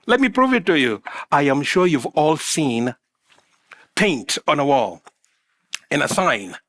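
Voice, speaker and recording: A middle-aged man delivers a sermon in a church, his voice pitched high. He preaches with an animated, swooping delivery, slipping into small acted-out scenes and asides to the congregation. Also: unhurried. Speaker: pastor.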